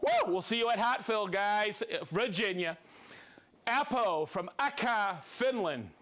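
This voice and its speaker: A man's voice: sits high, pushed and bright. A man hosting a live stream, reading out viewers' names and hometowns in an upbeat, playful way. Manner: upbeat, playful, reads names and places quickly. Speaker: host.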